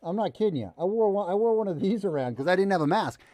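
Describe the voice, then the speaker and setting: A sarcastic man hosting a news commentary stream, with a slightly raised pitch that leaps around a great deal. He swings from loud jabs to low muttered asides. His voice sounds close and dry. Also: animated, quick pace, no room sound. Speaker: host.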